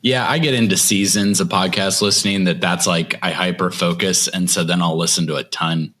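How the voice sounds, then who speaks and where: A man's voice: low voice, fairly even intonation, brisk, pushed and bright. A man co-hosting a podcast in casual chat, explaining ideas in a thoughtful way. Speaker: podcast co-host.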